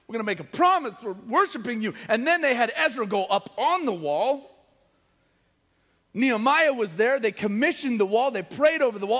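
Guy preaching a sermon, kinda high voice, jokey and animated with quotes. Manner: casual and joking, acts out quotes. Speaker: pastor.

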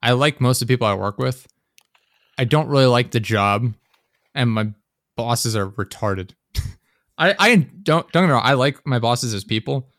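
A man's voice: medium pitch, expressive, moderate pace, pauses often, a bit bright, no echo, studio quality. A young man co-hosting a podcast, telling work stories in a loose, ranting way, swearing often and laughing as he talks. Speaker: podcast co-host. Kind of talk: casual chat.

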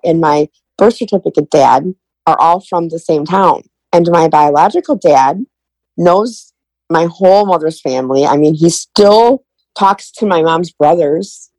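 A woman's voice: low voice, creaky, darkish tone, no room sound, low-quality recording. A middle-aged woman telling her family story in an interview, retelling conversations in quoted dialogue. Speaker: guest.

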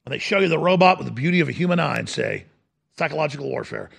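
Man, middle-aged, talk radio host, impassioned rant, bright sharp tone. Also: fairly high pitch, animated, fast, vocal fry, breathy edge. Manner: impassioned ranting.

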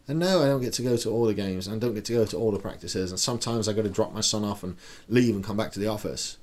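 A middle-aged man hosting a podcast, giving a blunt, profane pep talk full of rhetorical questions. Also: medium pitch. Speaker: podcast host. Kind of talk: casual motivational monologue.

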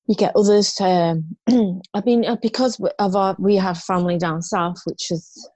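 A woman's voice: medium pitch, steady tone, moderate pace, darkish tone, no room sound. A woman in her fifties, a guest in an interview, telling her story frankly and ramblingly, with restarts and rueful laughs.

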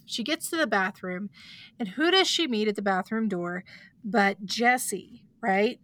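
A woman's voice: medium pitch, expressive, a little slow, a bit bright, no echo. A woman hosting a podcast, retelling a story in a chatty casual way, full of likes and asides. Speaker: podcast host.

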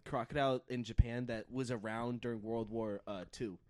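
A man's voice: mid-range voice, steady tone, moderate pace, darkish tone, no room sound. A man hosting a casual podcast chat, loose and joking, swearing freely. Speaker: podcast host.

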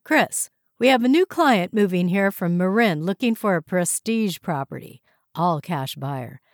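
A woman's voice: fairly low pitch, animated, measured pace, no room sound, clean studio sound. A woman voicing a confident, upbeat young male real estate boss giving orders to his agents. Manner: upbeat, commanding.

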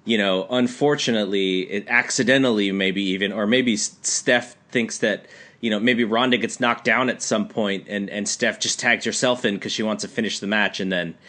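A man's voice: lowish voice, steady tone, moderate pace, sharp tone. A man co-hosting a casual wrestling podcast, speaking hesitantly with many stammered restarts. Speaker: podcast co-host.

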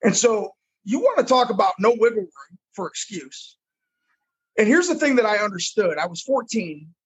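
A middle-aged man with a high voice and a husky edge speaks frankly about his past. He is a football coach telling his life story in conversation. He often repeats words as he goes. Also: big pitch swings, moderate pace, rough recording. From United States.

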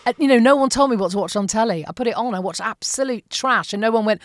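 A woman in her forties, telling her story as a podcast guest in a candid, animated, self-mocking way, with the odd swear word. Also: a little high, fast talker, few pauses. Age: 40s.

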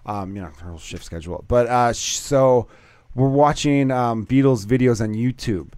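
A man's voice: mid-range voice, moderate pace, darkish tone, clean tone, no echo. A man in his thirties, a stay-at-home dad and comedian, rambling through casual chat with plenty of swearing. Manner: rambling, profane, self-deprecating. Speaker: comedian, podcast regular.

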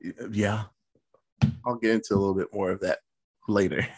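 A podcast host giving a casual, profane movie review, telling scenes in an animated way. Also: low-pitched, moderate pace, noisy background.

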